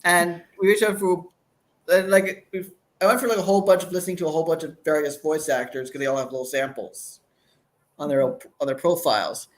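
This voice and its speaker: A man's voice: fairly high pitch, fairly even intonation, fairly quick. A man in his thirties, a guest chatting casually about his project, rambling and restarting his sentences. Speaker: guest, campaign creator. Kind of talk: casual chat.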